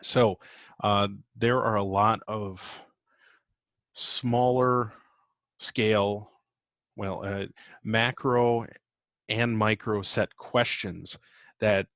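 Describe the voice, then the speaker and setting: A male biology instructor talks through a recorded lesson in a somewhat low voice. He speaks haltingly, pausing on fillers and correcting himself as he goes. The sound is dry, with no room echo. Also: steady tone, fairly bright tone. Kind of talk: recorded lecture.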